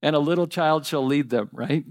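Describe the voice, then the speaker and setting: Man, pastor, sermon, fairly high voice, earnest, softens to near-hush on repeated pleas. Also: normal speed. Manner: earnest, animated preaching with quoted scripture and soft pleading repetitions.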